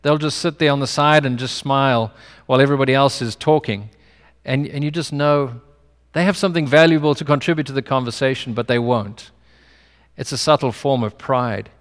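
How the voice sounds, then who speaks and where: Clean in tone and a touch quick, a medium-pitched male voice delivers a sermon in easy, conversational style. The pastor speaks English with a non-American accent, shares stories from his own life, and echoes with long hall reverb.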